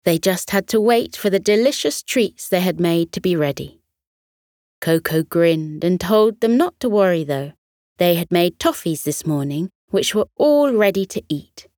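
A woman narrating a children's bedtime story in a gentle, soothing, expressive way. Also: on the low side, dry recording, studio quality.

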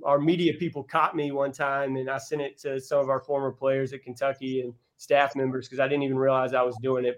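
A man's voice: mid-range voice, rough recording. Earnest male coach telling heartfelt stories. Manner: earnest, heartfelt, with many restarts. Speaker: college basketball coach, podcast guest. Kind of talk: casual interview storytelling.

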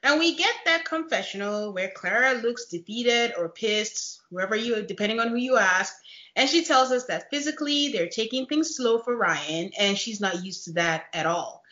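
A woman hosting a casual recap chat, animated and laughing often as she retells scenes. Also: on the high side, moderate pace. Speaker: podcast host. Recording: dull lo-fi echoey room.

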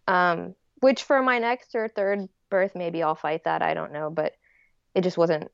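Chatty woman with a gravelly voice. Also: on the low side, steady tone, unhurried, no room sound, dull audio. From United States. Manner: chatty, lots of "like" and "um". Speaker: guest telling her birth story. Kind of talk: casual storytelling.

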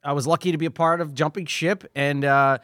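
Young male co-host, easygoing enthusiastic talker, slightly high voice, dry sound. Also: fairly even intonation, brisk, fairly bright tone, no echo. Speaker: podcast co-host, actor. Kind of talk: casual chat among brothers.

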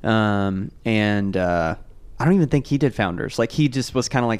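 A man's voice: lowish voice, moderate pace, a little mellow, no echo. A man co-hosting a tech podcast in casual chat, curious and asking lots of questions. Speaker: podcast co-host.

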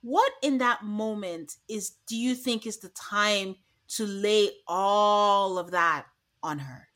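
A woman's voice: mid-range voice, slow. A woman co-hosting a podcast, chatting casually and acting out lines from a reality show. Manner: animated, acts out quotes from the show. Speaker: podcast co-host. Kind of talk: casual recap chat.

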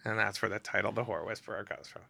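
A man's voice: lowish voice, quick pace, creaky, slightly rough, no echo, clean studio sound. A middle-aged man, a guest storyteller, animatedly acting out the voices of people in his anecdotes. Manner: animated, acts out quoted voices. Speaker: guest storyteller, celebrity photographer. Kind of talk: casual storytelling.

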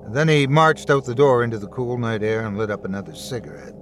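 A man narrating a scary story in an expressive, storytelling way. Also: mid-range voice, fast talker, a little hiss or hum. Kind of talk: scripted horror story narration.

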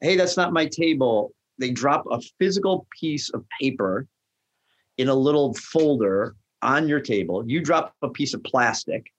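A middle-aged man in a casual chat, telling a story with lively energy and acting out the lines of the people he quotes. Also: mid-range voice, measured pace, highs cut off. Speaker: guest, restaurant founder.

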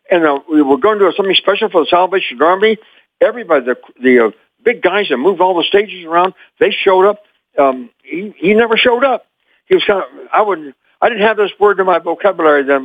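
An older man from Memphis, Tennessee, telling animated stories as an interview guest and chuckling often. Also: high-pitched, a little fast, no echo, phone-quality sound. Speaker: guest, former child actor. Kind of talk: anecdotal storytelling.

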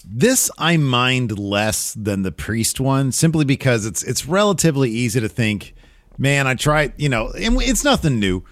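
A man's voice: medium pitch, big pitch swings, moderate pace, hardly any pauses, no room sound. A man co-hosting a casual wrestling podcast, rambling and joking with lots of fillers. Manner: rambling, jokey, many fillers. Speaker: podcast co-host. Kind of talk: casual wrestling recap chat.

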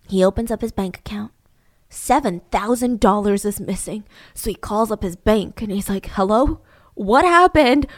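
A woman's voice: on the high side, dry recording, clean studio sound. A young woman telling a true-crime story casually, with wry, sarcastic asides.

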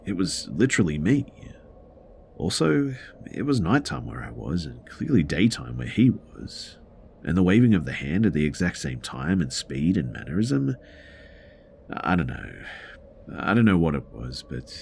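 A man narrating submitted true scary stories in a calm, low-key storytelling delivery. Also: moderate pace, a little hiss or hum. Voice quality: very deep gravelly voice. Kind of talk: scripted horror story narration.

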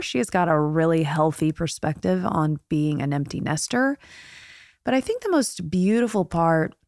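A woman's voice: on the low side, no echo, studio quality. A woman hosting a podcast, talking in a chatty, gushing way with lots of "like" and "you know". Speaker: podcast host. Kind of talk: casual interview chat.

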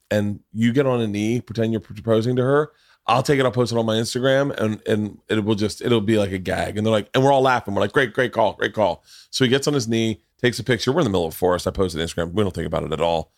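A man's voice: fairly low pitch, fast talker, dry recording, studio quality. A man hosting a podcast, telling a long story in casual chat, rambling with many restarts and plenty of swearing. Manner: rambling, profane, restarts often, gets loud and laughs when excited. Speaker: podcast host.

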